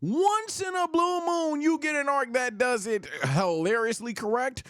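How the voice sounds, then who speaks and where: A young man streaming, ranking anime in loud, profane, animated casual chat. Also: very high voice, measured pace, smooth, no echo, studio quality.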